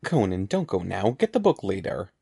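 A man voicing a motherly woman who coaxes and gently scolds, in a storybook reading. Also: low-pitched, very animated, moderate pace, creaky, breathy edge, no room sound, clean studio sound, pitched below the performer's own voice, heavily acted. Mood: coaxing. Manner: coaxing, chiding.

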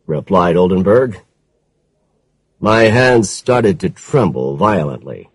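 Slow, husky male audiobook narrator. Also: low voice, sing-song, no echo, rough recording. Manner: measured, dramatic storytelling. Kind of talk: first-person detective audiobook narration.

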